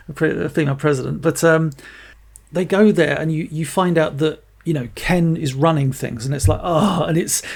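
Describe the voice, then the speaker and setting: A man's voice: fairly high pitch, creaky, slightly rough. A man hosting a podcast, chatting casually and enthusiastically about a film and swearing now and then. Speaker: podcast host. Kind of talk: casual film review chat.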